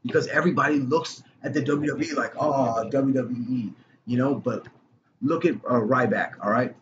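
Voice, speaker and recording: Excitable man talking wrestling. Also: mid-range voice, a little fast. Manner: excitable, swears a lot, says bro and dude. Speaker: podcast co-host. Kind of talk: casual chat about wrestling. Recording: lo-fi with clear background noise.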